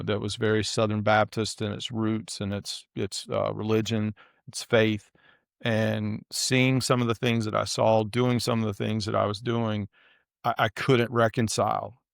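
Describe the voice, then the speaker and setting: A middle-aged man in an interview, telling a personal story in an earnest, halting way with many restarts. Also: lowish voice, vocal fry, no echo, clean studio sound. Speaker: guest.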